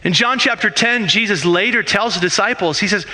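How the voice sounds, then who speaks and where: A man's voice: high voice, brisk, few pauses, pushed and bright. A man preaching a sermon as a pastor in a conversational way, with rhetorical questions and frequent restarts.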